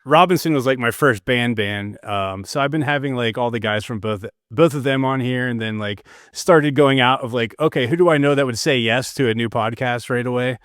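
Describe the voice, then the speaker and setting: A man's voice: medium pitch, brisk, hardly any pauses, dry recording, studio quality. Laid-back man hosting a podcast. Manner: relaxed, laid-back, filler-heavy. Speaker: podcast host. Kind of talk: casual interview chat. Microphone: video call.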